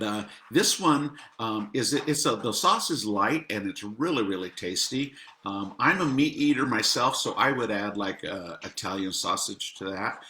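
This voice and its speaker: Jokey middle-aged guy plugging his restaurant's menu, bright lowish voice, echoey room. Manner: chatty and jokey, laughs often at his own puns. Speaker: restaurant owner promoting the menu. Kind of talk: casual chat.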